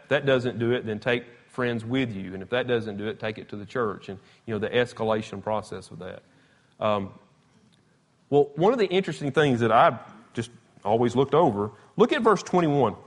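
Brief: man, casual Bible teacher, emphatic storytelling, mid-pitched voice. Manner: conversational, emphatic, retells scripture with animated quotes. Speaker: preacher. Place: church or classroom with slides.

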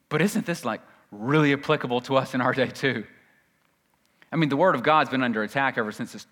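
Preacher in a reverberant hall. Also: male voice, mid-range voice. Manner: conversational teaching with self-deprecating jokes and mocking asides; slows down and drops quiet to stress key phrases. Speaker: pastor. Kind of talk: sermon.

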